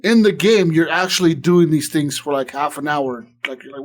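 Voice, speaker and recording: A man's voice: a little high, normal speed, hardly any pauses. A man co-hosting a podcast in casual chat, rambling through a retelling full of "like" and swearing, acting out what others said. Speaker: podcast co-host.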